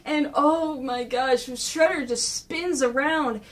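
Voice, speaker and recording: Excitable, high-voiced woman comic reviewer. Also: slow. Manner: excitable, gushing, rambling. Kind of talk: casual recap chat.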